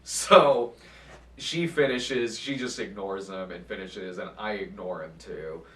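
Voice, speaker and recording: A man hosting his channel, telling a convention story in a casual, animated and profane way, acting out what others said. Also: deep voice, slow, slight background noise. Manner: animated, profane, acts out quotes. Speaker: channel host. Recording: echoey room, far from mic.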